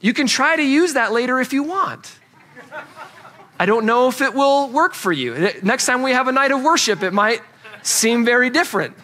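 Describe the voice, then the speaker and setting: A pastor preaching a sermon, earnest and conversational, repeating key phrases for emphasis. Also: male voice, very high voice, animated, moderate pace, pushed and bright.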